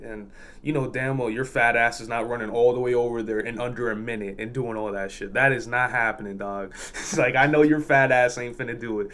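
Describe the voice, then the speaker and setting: A man's voice: mid-range voice, steady tone, fairly quick, fairly bright tone. A man who works as a fuel pump attendant, telling work stories in a blunt, profane, exasperated way. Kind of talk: casual storytelling vlog.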